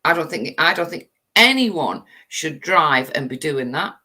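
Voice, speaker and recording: A woman's voice: low voice, lively intonation, measured pace, pushed and bright. An English woman hosting her channel, delivering an angry, swear-filled rant full of rhetorical questions. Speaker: channel host. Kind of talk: livestream rant.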